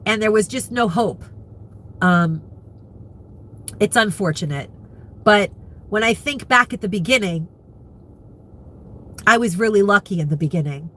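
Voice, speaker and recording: A woman's voice: medium pitch, animated, unhurried, pauses often, fairly bright tone, a little hiss or hum. Candid, emotional woman in her fifties. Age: 50s. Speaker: vlogger. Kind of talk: candid live chat.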